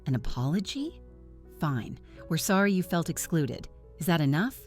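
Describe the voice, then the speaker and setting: A woman's voice: low voice, sing-song, moderate pace, a little mellow, faint music behind. Woman reading as an enraged, snapping father. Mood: tired. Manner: snapping, scoffing. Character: angry middle-aged father, tight with rage.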